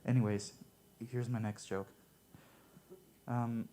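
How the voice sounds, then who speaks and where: A man performing stand-up one-liners at a coffee shop open mic, with a deadpan, offhand delivery. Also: mid-range voice, moderate pace, a little hiss or hum.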